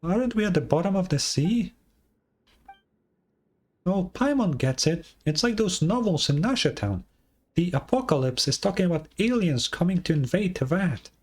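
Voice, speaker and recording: A man voicing a tiny, excitable female companion in a game fan dub, chattering in a squeaky, animated way. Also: moderate pace. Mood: chatty. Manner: squeaky, animated, talks about herself in third person.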